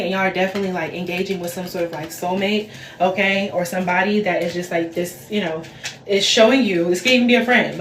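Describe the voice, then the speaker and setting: A woman in her twenties talks through a tarot reading on a casual livestream. She is chatty and loose, repeats herself, and leans on fillers. Her voice sits in a middling pitch, in a roomy, echoey space with faint hiss behind. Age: 20s. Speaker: tarot reader.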